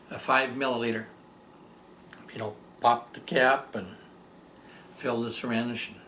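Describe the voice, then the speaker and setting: An older man telling a personal story as a testimonial, rambling and halting, with many fillers and restarts. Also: mid-range voice, sharp tone, roomy sound, a little hiss or hum. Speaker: patient giving a testimonial. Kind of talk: storytelling tribute.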